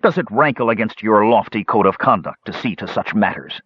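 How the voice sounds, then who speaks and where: A man voicing a proud, furious old male dwarf who rants in a shrill, sputtering, indignant way. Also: lively intonation, fairly quick, breathy edge, no echo. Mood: sarcastic. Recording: dull, dry lo-fi audiobook recording.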